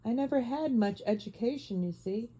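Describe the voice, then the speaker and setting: A woman's voice: fairly high pitch, expressive, moderate pace, dark tone, breathy edge, highs cut off. A woman voicing a humble male London cab driver with a Cockney accent, deferential and homely.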